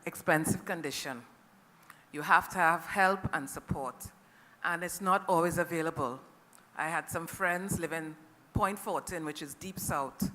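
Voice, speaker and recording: Earnest middle-aged Trinidadian speaker, bright voice. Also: medium pitch. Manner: earnest and emotional, often checks in with the audience. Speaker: family caregiver speaking at a conference. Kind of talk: personal testimony to an audience. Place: conference hall. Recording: long reverb of a conference hall.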